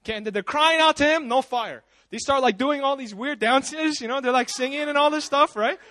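A man preaching a sermon at a church service, retelling stories in a casual, animated way with frequent conversational asides. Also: very high-pitched, brisk, dry recording. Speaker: pastor.

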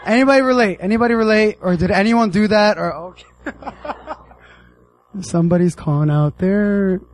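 A young American man giving a casual, animated sermon, acting out the characters in his story. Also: high voice, moderate pace, dry recording, low-quality recording. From United States. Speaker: preacher.

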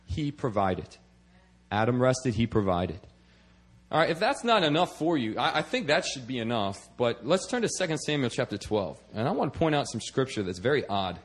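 A man's voice: mid-range voice, big pitch swings, normal speed, breathy edge. A man preaching a sermon in a conversational way, often checking in with "okay?" and repeating words as he restarts. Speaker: preacher and missionary.

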